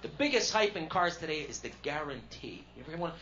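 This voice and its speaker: A man's voice: on the high side, very animated, fast talker, some chatter behind. Wry man doing stand-up on stage. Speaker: stand-up comedian. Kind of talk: live stand-up comedy. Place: casino showroom on stage. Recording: dull lo-fi 1970s live record, loud hiss.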